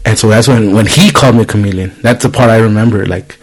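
A man's voice: lowish voice, quick pace, slightly rough, poor audio. A man in his thirties hosting a podcast, telling a story in casual chat, swearing freely and acting out the people he quotes. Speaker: podcast host.

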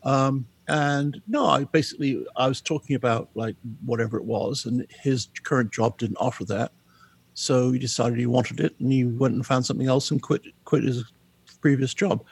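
A man's voice: mid-range voice, steady tone, normal speed, creaky, husky. A man talking as a guest on a podcast interview, candid and wry about himself. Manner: candid, wry, self-deprecating. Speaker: guest, book author.

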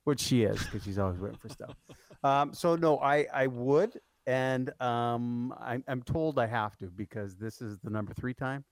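A man's voice: mid-range voice, moderate pace, no room sound. A man co-hosting a sports radio show, telling rambling stories full of fillers. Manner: rambling storyteller, many fillers. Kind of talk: casual sports radio chat. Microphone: studio microphone.

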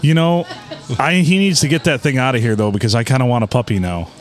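A man's voice: mid-range voice, quick pace. A man co-hosting a casual podcast from a bar, joking around and laughing often. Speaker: podcast co-host. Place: bar on a Sunday night.

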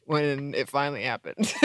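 A woman's voice: low voice, fairly bright tone, no echo, clean studio sound. A woman co-hosting a podcast, chatting casually over an internet call and giggling at jokes. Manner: giggly, drawn-out reactions. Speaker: podcast co-host. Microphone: home mic over internet call.

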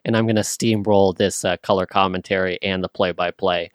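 A man co-hosting a casual sports podcast, relaxed and analytical, running through the numbers. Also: deep voice, fairly quick, no room sound, studio quality. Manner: analytical, relaxed, cites stats. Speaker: podcast co-host.

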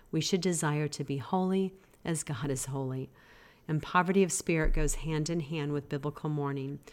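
Low-voiced woman giving a devotional talk. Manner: earnest, gently exhorting. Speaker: podcast host. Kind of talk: devotional podcast teaching.

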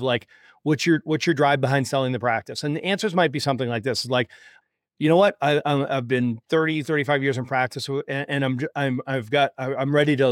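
A man hosting a podcast, telling a client story in a casual, animated way, acting out the quoted dialogue and checking in with "right?" and "you follow me?". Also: medium pitch, no echo, studio quality. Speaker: podcast host and practice exit consultant.

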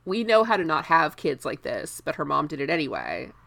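A woman's voice: deep voice, very animated, fairly quick, vocal fry, a bit bright, dry recording. A woman chatting casually about a book, retelling scenes with playful put-on quotes and frequent laughter. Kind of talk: casual book discussion chat.

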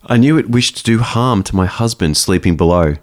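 Guy doing a spooked woman telling her ghost story in a lilting faintly irish voice, low and solemn. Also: lively intonation, fairly quick, natural voice. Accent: faintly Irish-sounding put-on lilt. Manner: solemn, old-fashioned storytelling.

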